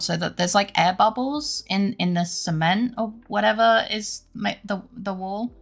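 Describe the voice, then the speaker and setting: A woman's voice: mid-range voice, unhurried, creaky, faint music behind. A woman streamer chatting casually with her viewers, rambling and laughing often.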